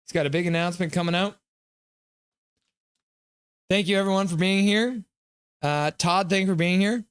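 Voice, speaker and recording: On a laid-back live hockey stream, this man jokes around, chats, reads viewers' comments out loud and thanks the people who donate. He speaks at a moderate pace in a high voice with a clear, resonant tone. There's no room sound at all.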